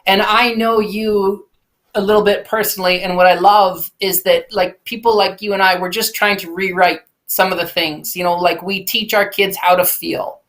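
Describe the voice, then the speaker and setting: A man's voice: sits high, level tone, normal speed, fairly bright tone. A man in his forties, a podcast guest and keynote speaker, talking earnestly and reflectively with frequent restarts. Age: 40s. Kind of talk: candid conversational storytelling.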